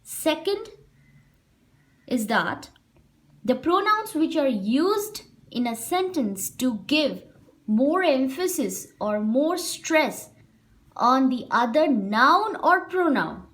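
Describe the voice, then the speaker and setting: A woman teaching a grammar lesson to children, repeating example sentences slowly and explaining them. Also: sits high, big pitch swings.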